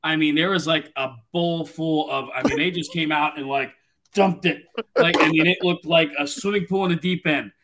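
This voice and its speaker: Animated man, slightly high voice. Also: moderate pace, noisy background. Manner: animated storyteller. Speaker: podcast guest. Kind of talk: casual sports chat.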